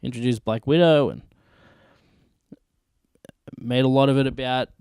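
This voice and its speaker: A man's voice: medium pitch, unhurried, darkish tone, smooth, dry recording. Blunt swearing guy, dry close sound. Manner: blunt, profane, emphatic. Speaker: vlog host ranking films. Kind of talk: casual opinion rant.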